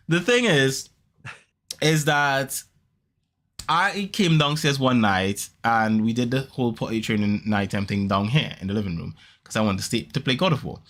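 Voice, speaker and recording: A man hosting a podcast, telling a story in casual chat, rambling and animated, with quick restarts and repeats. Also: medium pitch. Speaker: podcast host.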